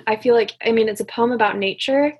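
A woman's voice: fairly high pitch, quick pace, breathy edge. A woman chatting eagerly and casually about a poem, with many fillers. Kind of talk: casual chat.

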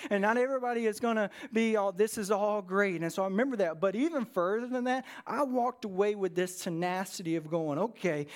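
A man preaching a conversational sermon to a church congregation, telling stories with plenty of fillers. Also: high voice. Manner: casual, storytelling, many fillers. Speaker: pastor. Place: church service with a live congregation.

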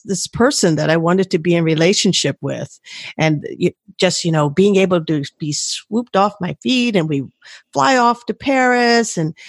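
A woman's voice: medium pitch, no room sound. A woman hosting a podcast who speaks enthusiastically and laughs often. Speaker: podcast host. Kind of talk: casual podcast conversation.

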